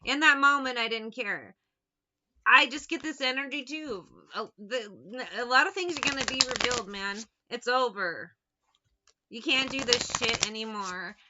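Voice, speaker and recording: A woman's voice: fairly high pitch, measured pace, bright, forceful tone, highs cut off. A woman talking bluntly and with a lot of swearing as she tells anecdotes in a casual monologue as a tarot reader. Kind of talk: casual straight-to-camera monologue.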